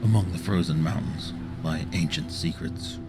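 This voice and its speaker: A man plays a grim male narrator of a horror tale. His very deep voice drops into a half-whisper, set under loud game music. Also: moderate pace, natural voice. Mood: ominous. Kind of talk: ominous scripted narration.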